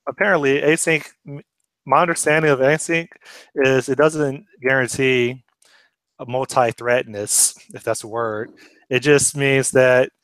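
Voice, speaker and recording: A man's voice: medium pitch, steady tone, measured pace, fairly bright tone, dry recording. A man chatting casually while programming, thinking aloud and asking questions as he works. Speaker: programmer sharing his screen. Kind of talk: casual pair-programming chat.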